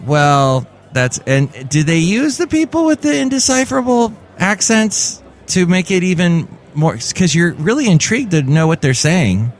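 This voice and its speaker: Man, podcast host, slightly high voice, rambling and jokey, music playing behind. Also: big pitch swings, normal speed, few pauses. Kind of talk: comedic solo podcast monologue.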